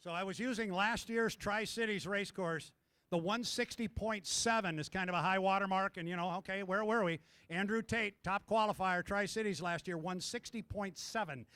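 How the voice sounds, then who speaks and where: A man calling live boat race commentary, excited and shouting as the action peaks. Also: sits high, moderate pace. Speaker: race announcer.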